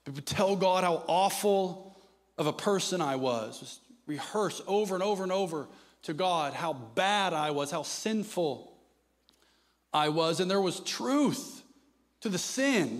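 A man preaching a sermon, moving between hushed, intimate passages and loud, impassioned ones. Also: sits high, animated, a little slow.

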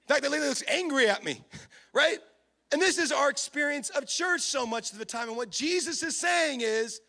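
High, bright-voiced animated preacher, a man. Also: normal speed. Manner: animated preacher, acts out little scenes, shouts for emphasis. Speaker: pastor. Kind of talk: sermon.

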